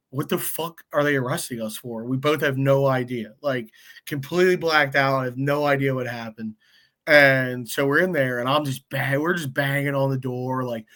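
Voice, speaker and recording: A man's voice: mid-range voice, a bit bright. A young man telling a rambling, profane story in casual chat, full of "like" and "dude". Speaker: guest.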